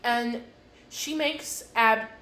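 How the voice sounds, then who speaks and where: A woman's voice: fairly high pitch, very slow, pushed and bright. A woman in her twenties co-hosting a podcast, recounting her grievances with exasperation and heavy swearing. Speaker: podcast co-host. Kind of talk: casual storytelling chat. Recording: echoey room with faint noise.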